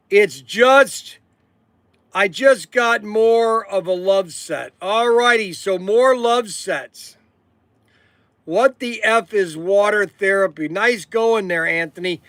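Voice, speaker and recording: A man's voice: high-pitched, fairly bright tone, no echo. A man hosting a casual livestream, rambling and repeating himself, tacking "okay" onto his sentences. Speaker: livestream host.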